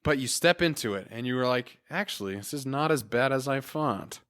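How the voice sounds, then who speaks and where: A man's voice: mid-range voice, lively intonation, moderate pace, few pauses, fairly bright tone. A man hosting a solo motivational podcast, talking in an earnest, encouraging and casual way with everyday fillers. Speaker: podcast host.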